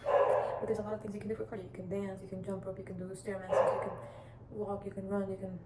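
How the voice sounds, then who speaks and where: A woman's voice: mid-range voice, level tone, fast talker. A teenage girl vlogging casual self-improvement advice, rambling and chatty with lots of restarts. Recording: echoey room with clear background noise.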